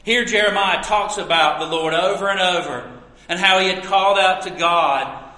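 A man preaching a sermon as pastor, earnest and storytelling, with emphatic pauses. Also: sits high, bright, forceful tone. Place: church sanctuary. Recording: echoey hall with long reverb.

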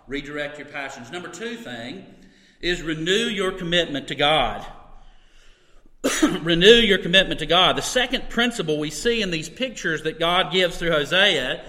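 A middle-aged man preaches from the pulpit, earnest and chatty, slipping in asides. His voice sits a little high and rings bright and forceful. The sound is roomy, with a long hall reverb. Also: lively intonation, moderate pace. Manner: earnest, conversational preaching with occasional laughs and asides. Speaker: pastor. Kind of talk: sermon. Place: church sanctuary.

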